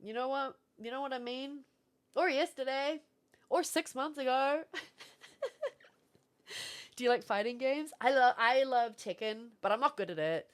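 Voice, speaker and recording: A woman talks to her livestream chat in a loose, rambling way. Her voice sits a little high, and she laughs often and thanks viewers between stories. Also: a little slow, long pauses. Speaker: streamer. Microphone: streaming setup with camera.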